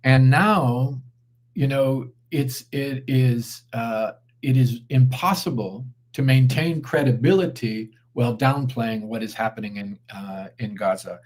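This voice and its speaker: Here a man appears as a guest commentator in a live online interview, his delivery slow and considered with plenty of fillers and restarts. The voice is mid-range with a somewhat dark tone.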